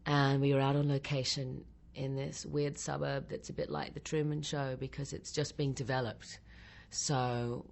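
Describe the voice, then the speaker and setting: A cast member calmly describing a past shoot in an interview, plain and descriptive. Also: mid-range voice, normal speed, gravelly, few pauses. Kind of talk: interview recollection.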